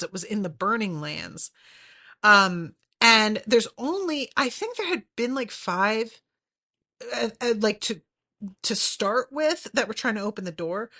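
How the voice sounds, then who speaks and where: A woman's voice: fairly high pitch, sharp tone. A woman hosting a podcast, chatting casually and animatedly with lots of fillers and swearing. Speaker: podcast host. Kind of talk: casual recap chat.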